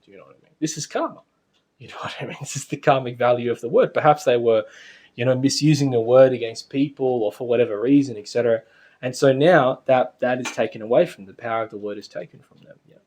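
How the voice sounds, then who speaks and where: A man's voice: medium pitch, a little mellow. A man giving a casual spiritual lecture to a class, chatty and anecdotal, often laughing.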